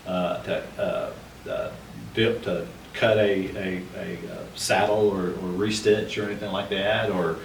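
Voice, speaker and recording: A man's voice: low-pitched, fairly even intonation, measured pace, gravelly. A man talking through Old West history in a casual discussion, with many fillers and restarts. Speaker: podcast co-host, history researcher. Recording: roomy, distant mic with faint noise.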